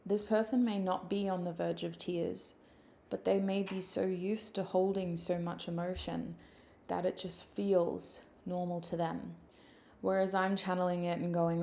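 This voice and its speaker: A woman giving a channelled tarot reading in a soft, intimate, emotional way, close to tears at times. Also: lowish voice, little pitch movement, measured pace, gravelly. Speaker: tarot reader.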